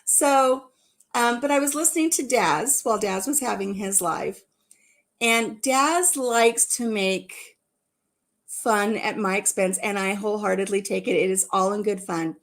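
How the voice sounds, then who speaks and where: A woman's voice: medium pitch, unhurried. A woman hosting a casual livestream chat, giggling often and repeating herself as she talks. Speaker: livestream host.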